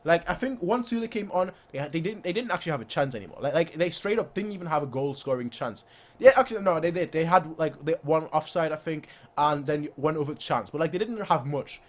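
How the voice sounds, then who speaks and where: Animated young man, lively high voice. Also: brisk. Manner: animated, boastful, repeats phrases, acts out players' voices. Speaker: fan channel host. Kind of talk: excited post-match fan chat.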